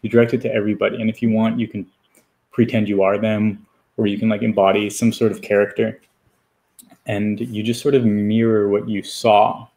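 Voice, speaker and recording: A man in casual conversation, calmly and thoughtfully explaining a group practice. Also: lowish voice, brisk, creaky. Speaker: community organizer. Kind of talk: casual chat.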